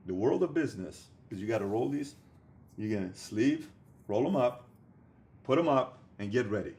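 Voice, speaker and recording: A man giving an emphatic motivational business talk, repeating his points and acting out imagined conversations. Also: on the low side. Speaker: motivational speaker.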